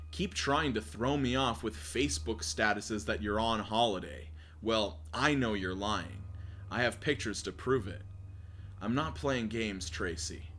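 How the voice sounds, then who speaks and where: A man reading aloud as an obsessive young man writing stalker emails, in a flat, menacing way. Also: fairly low pitch, slight background noise, voice pushed down. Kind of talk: reading a horror story aloud.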